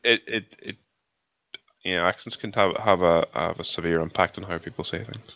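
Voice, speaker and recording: A man co-hosting a podcast over a video call, talking in a halting, rambling way with many restarts. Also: low voice, fairly even intonation, creaky, no room sound. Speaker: podcast co-host. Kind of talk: casual chat. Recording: muffled lo-fi call audio.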